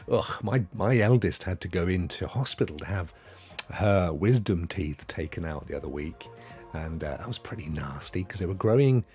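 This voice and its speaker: Chatty husky British man hosting a stream. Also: lowish voice. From United Kingdom. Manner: chatty, greets viewers warmly by name, chuckles often. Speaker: live-stream host. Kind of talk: casual live-stream chat.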